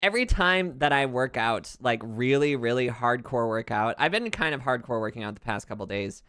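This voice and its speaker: A young man with a light Southern accent chats casually while streaming, wandering off on tangents and laughing between thoughts. His voice is bright and smooth. The sound is dry and close, with no room around it. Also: medium pitch, animated, normal speed, no room sound. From southern United States. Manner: rambling, drifts into tangents and laughs often. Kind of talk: casual chat while gaming.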